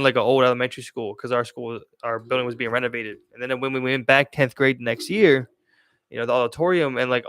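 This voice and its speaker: Fast-talking rambling young man, dry sound. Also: mid-range voice, a bit bright, clear, resonant tone, no room sound. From Maryland, US. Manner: rambling, profane, slangy, laughs while telling stories. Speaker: podcast host. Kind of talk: casual chat, storytelling.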